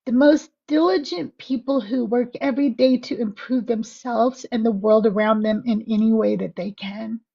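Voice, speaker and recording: A woman's voice: on the high side, steady tone, normal speed, vocal fry, few pauses, mellow, breathy edge, lo-fi sound. A woman on a podcast reciting spoken-word poetry and then talking candidly, emotional and close to tears, swearing freely. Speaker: podcast guest.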